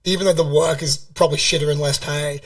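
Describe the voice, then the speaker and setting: A young Australian man co-hosting a podcast. He tells animated stories in a loose, swearing style, and his voice sits a little high for a man. He sounds slightly away from the mic. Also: fast talker, recorded from a distance. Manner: swears constantly, animated storytelling. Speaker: podcast co-host. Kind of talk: casual chat.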